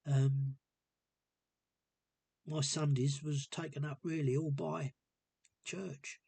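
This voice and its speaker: A man talking casually to camera in a hesitant, rambling and subdued way, with a gravelly, husky voice. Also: on the high side, level tone, slow, mellow, no echo. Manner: hesitant and rambling, many ums. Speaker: vlogger. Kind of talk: casual personal monologue.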